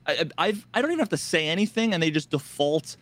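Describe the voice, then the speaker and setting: A man's voice: fairly high pitch, sing-song, fast, fairly bright tone. A man co-hosting a casual gaming podcast, rambling with many restarts and acting out other players' lines. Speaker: podcast co-host.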